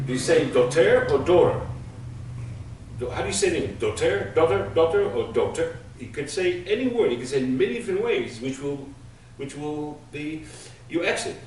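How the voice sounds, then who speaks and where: A man's voice: a little high, darkish tone. Echoey man teaching a class. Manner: patient, explains with everyday examples. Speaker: Hebrew teacher. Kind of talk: classroom lesson. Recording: echoey room from far off, faint noise.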